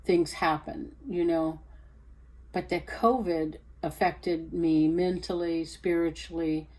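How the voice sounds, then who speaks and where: A woman sharing a personal faith testimony, halting and hesitant with many fillers, growing more animated when she retells scripture. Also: low-quality recording. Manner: rises in pitch and energy when retelling scripture.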